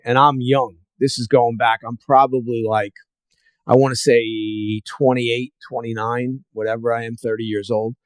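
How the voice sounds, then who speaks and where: In a casual storytelling interview, a man hosting a podcast spins long martial arts anecdotes, filling them with fillers and acting out what other people said. His medium-pitched voice sounds clean, with no room sound.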